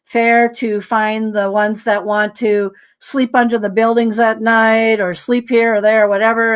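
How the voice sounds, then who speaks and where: Tired woman guest spinning a long story, kinda high voice, acts out all the dialogue with lots of ums. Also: smooth. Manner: animated storyteller, acting out dialogue with frequent fillers. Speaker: podcast guest. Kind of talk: storytelling in casual conversation.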